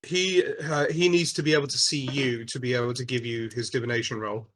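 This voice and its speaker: A man's voice: medium pitch, fairly even intonation, a little fast, a bit bright, a little hiss or hum. A man as game master of a tabletop game, patiently explaining rules with frequent restarts. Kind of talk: running a tabletop game online.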